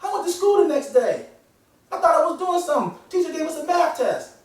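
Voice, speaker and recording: A man telling a funny true story in an animated way, often laughing as he goes. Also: extremely high pitch, fairly quick. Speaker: comedian. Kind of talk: comic storytelling. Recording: echoey room from far off.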